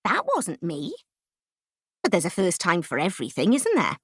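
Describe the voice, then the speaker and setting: Welsh woman reading her own memoir, bouncy pitch all over, dry close sound. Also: moderate pace, slightly rough, no room sound. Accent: Welsh, Swansea. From Wales. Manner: lively, expressive storytelling with voiced quotes. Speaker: narrator. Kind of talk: memoir audiobook narration.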